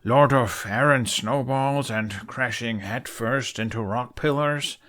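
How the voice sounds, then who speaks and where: A man reading an audiobook, voicing a sarcastic, deadpan young chief. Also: mid-range voice, normal speed, close to an everyday voice. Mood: dry sarcastic. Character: young male dragon-riding chief, sarcastic.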